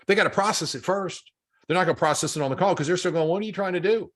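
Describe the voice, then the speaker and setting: Fast-talking man coaching with stories. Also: fairly high pitch. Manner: animated storyteller acting out both sides of calls. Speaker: real estate coach. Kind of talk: coaching talk with acted phone calls.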